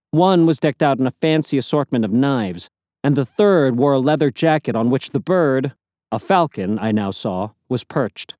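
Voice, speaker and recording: A man's voice: mid-range voice, darkish tone, no room sound, clean studio sound. Man narrating an audiobook. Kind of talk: scripted narration.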